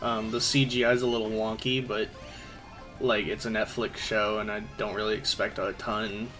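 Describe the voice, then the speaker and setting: A man's voice: on the low side, level tone, moderate pace, pushed and bright, faint music behind. A man streaming a racing game, chatting casually about shows and movies with many fillers.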